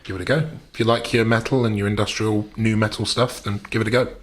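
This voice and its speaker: A man with a fairly low voice chats as a podcast guest, talkative and animated. His delivery is loose and conversational. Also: fast talker, slight background noise. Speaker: podcast guest, tabletop player. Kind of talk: casual podcast chat.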